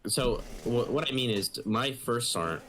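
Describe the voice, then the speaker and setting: A young man on a podcast, casually telling an animated story and swearing freely. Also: medium pitch, moderate pace. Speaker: podcast co-host.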